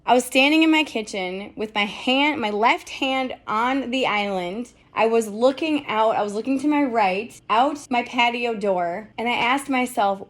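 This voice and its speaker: A middle-aged woman speaks a motivational podcast monologue in a fairly high voice. She talks candidly and emphatically, peppering her speech with rhetorical questions and casual swearing. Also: measured pace, fairly bright tone. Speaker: podcast host.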